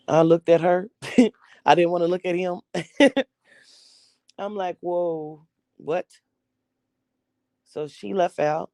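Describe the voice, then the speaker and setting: A woman's voice: fairly low pitch, warm tone, dry recording. A young adult woman candidly telling her own life story in blunt, profane everyday speech, acting out the voices of the people she quotes.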